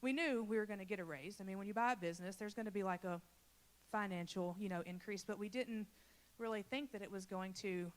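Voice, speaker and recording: Earnest woman giving a church testimony. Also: mid-range voice. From Louisiana. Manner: earnest and emotional, addressing the congregation directly. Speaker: church children's ministry leader. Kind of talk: personal testimony to a congregation.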